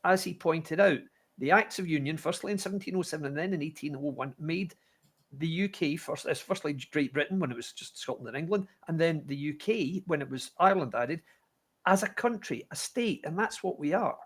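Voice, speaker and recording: A man's voice: a little high, animated, fairly quick. A man giving emphatic, declamatory political commentary on a livestream. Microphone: livestream video call.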